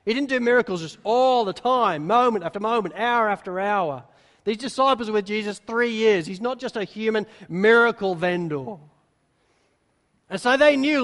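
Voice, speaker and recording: A man's voice: sits high, moderate pace, a bit bright. Guy preaching a sermon, acts out the disciples' lines, echoey hall. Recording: long hall reverb.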